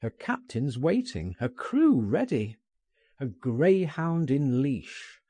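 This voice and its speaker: A man reading a first-person story aloud, expressive and persuasive in a measured delivery. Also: medium pitch, slightly rough, no echo. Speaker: audiobook narrator. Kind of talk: scripted first-person narration.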